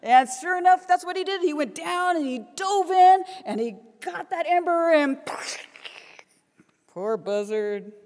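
A middle-aged woman giving a keynote address in a large conference hall, earnest and lively as she tells a story. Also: very high voice, a little slow. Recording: long reverb of a conference hall.

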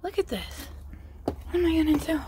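A woman's voice: very high voice, mellow, a little hiss or hum. A woman vlogging a staged scare, giggling and exclaiming breathlessly in mock fright. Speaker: family vlogger. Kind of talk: staged prank vlog.

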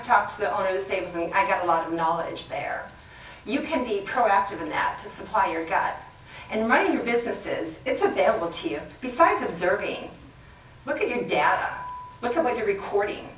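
A middle-aged woman giving a leadership talk to an audience, chatty and quick to laugh. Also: medium pitch, fairly bright tone. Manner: chatty, laughs often, plays with the crowd. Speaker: guest speaker. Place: lecture room with audience. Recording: roomy sound from a distant mic, faint background noise.

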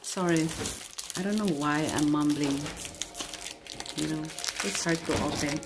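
A woman vlogger chatting casually while she tastes snacks, unhurried and talking between bites. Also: sits low, noisy background. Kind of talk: casual food-tasting vlog.

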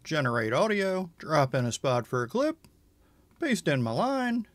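A man hosting a software tutorial, explaining each step in a casual, conversational way. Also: on the high side, very animated, a little slow, no echo. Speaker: tutorial host.

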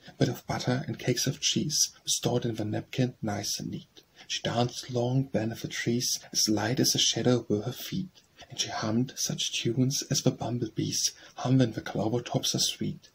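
A man reading a narrative poem for children as an audiobook narrator, in a rhythmic, measured verse style. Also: mid-range voice, little pitch movement, gravelly, a little hiss or hum, poor audio.

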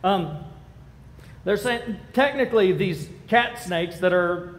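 High-voiced man preaching in a reverberant hall. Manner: conversational, self-interrupting, acts out quick asides. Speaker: pastor. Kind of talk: casual sermon.

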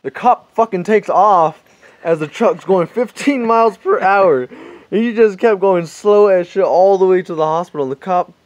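A man's voice: high-pitched, moderate pace, no room sound, lo-fi sound. A man telling a rambling, profane story with frequent laughter. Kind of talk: casual anecdote.

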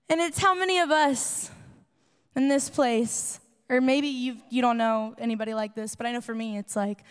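Woman youth pastor preaching, chatty, acts out the lines, high voice, big echoey hall. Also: normal speed. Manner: conversational, acting out quoted dialogue; rising to passionate preaching. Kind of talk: sermon. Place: church hall.

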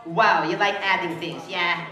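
A man's voice: high voice, lively intonation, unhurried, over music. A man working as a party entertainer, teasing a child volunteer with playful banter. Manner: playful, teasing, laughs often. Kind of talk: party emcee with audience banter. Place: indoor party venue. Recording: echoey party hall, distant mic, crowd.

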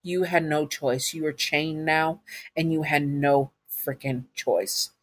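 A woman's voice: low-pitched, slow. A woman narrating a second-person audio story to the listener, with casual asides.

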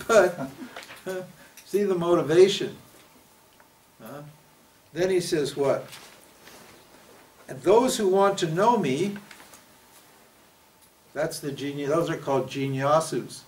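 A man's voice: a little high, expressive, takes it slowly, long pauses, slight background noise. A man giving a spiritual teaching talk in a conversational way, often asking his listeners questions and acting out the prayers people make. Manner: conversational, asks the audience questions, acts out quoted prayers. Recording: voice picked up from a distance.

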